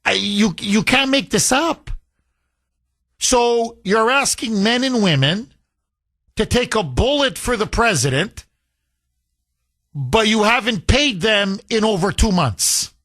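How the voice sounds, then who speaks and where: A man hosting a talk radio show, speaking in an indignant, animated way and taking calls. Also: high-pitched, slow pace, pauses often. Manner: animated, indignant, repeats phone number.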